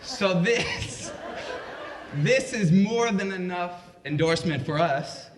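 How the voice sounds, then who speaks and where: Guy telling a funny story live, slow and chatty, slightly high voice, echoey library room. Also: animated, a crowd in the background. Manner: conversational, unhurried, lots of fillers.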